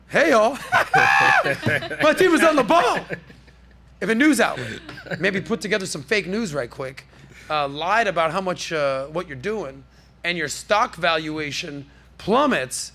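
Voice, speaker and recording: Brash, gravelly-voiced male podcast host. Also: a little high, bright, forceful tone. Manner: brash, jokey, salesman-like riffing. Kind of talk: casual pop-culture podcast commentary.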